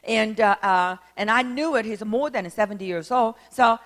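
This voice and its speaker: A woman minister with a Korean accent, telling a story in a sermon, halting with many fillers but animated. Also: fairly high pitch. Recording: long reverb hall.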